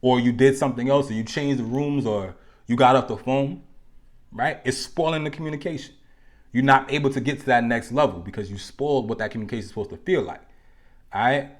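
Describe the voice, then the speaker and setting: A man at an everyday mid pitch hosts a live stream and talks straight to his viewers. He is loose and conversational, full of slang and quick jokes aimed at the chat. He slows right down whenever he wants a point to land. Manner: slows down to stress key points. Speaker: host of a live relationship talk show.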